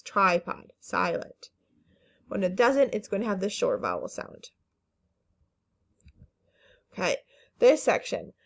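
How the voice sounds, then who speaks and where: A woman teaching a phonics lesson to children, speaking slowly and carefully, stretching each word and encouraging the class. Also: mid-range voice, a bit bright. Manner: slow, careful word-by-word enunciation; patient and encouraging, with fillers.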